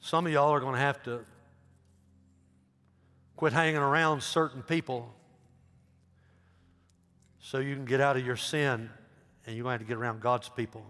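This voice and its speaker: A middle-aged man, a pastor giving an earnest altar call, swinging between loud emphasis and hushed pleading. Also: mid-range voice, fairly even intonation, moderate pace, pauses often. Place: large church sanctuary. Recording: long hall reverb.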